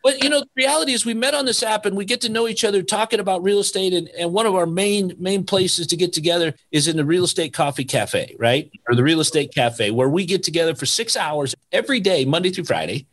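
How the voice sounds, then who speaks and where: A man's voice: high-pitched, fast talker, hardly any pauses, fairly bright tone. A man hosting a podcast, upbeat and conversational, often ending points with "right?". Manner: upbeat, leans on "right?" tags. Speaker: podcast host. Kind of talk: casual podcast interview.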